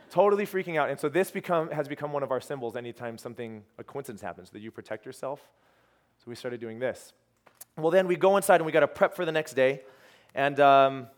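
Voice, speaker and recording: A young adult man, a ministry team leader, telling a testimony story with lots of quoted dialogue and restarts. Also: mid-range voice. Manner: animated storyteller, quoting others, trailing restarts.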